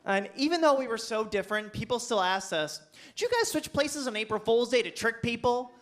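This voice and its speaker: A man from Pennsylvania doing a campy, animated stand-up set in a comedy club on a handheld mic. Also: extremely high pitch, a little fast. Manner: campy, animated, playful with the crowd.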